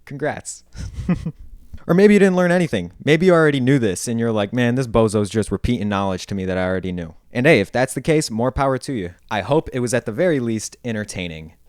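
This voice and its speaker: Casual male vlogger, upstate New York accent, lowish voice, dry close sound, slangy and self-mocking. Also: dry recording. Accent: Upstate New York (Northern Cities vowel shift). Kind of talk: casual explainer vlog.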